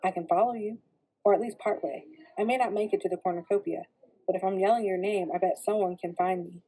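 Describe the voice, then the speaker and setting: A woman reading the lines of a wounded young man who speaks softly with dry humor. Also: medium pitch, fairly even intonation, brisk, a little hiss or hum, lightly acted, poor audio. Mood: wry. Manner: wry, soft-spoken. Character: Peeta, wounded young man, wry and gentle.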